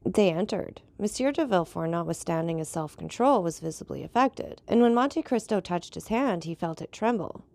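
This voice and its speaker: A woman narrating a classic novel in a measured, even storytelling voice. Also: fairly low pitch, creaky, no room sound. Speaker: audiobook reader. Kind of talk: scripted narration.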